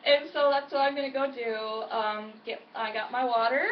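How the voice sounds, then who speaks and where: A woman's voice: a little high, fairly even intonation, normal speed, a little hiss or hum. A woman, chatting upbeat and encouraging in a casual vlog from home. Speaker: weight-loss vlogger. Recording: echoey, distant, dull home recording.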